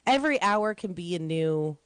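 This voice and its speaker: A woman's voice: lowish voice, expressive, moderate pace, clean tone, dry recording. A tired woman co-hosting a morning radio show, bantering with sarcasm and play. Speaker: radio co-host.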